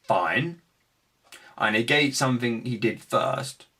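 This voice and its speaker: A young man casually recapping his card game tournament, animated, acting out his opponents' remarks. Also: mid-range voice, takes it slowly, breathy edge. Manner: animated storytelling, acts out opponents' lines.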